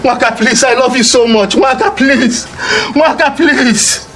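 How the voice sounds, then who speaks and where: A man's voice: very high voice, a little slow, fairly bright tone. An actor with a Nigerian accent playing a jilted young man who begs emotionally and repeats himself. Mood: pleading. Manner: emotional, begging, repetitive. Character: jilted young man pleading for his lover. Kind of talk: Nollywood drama acting.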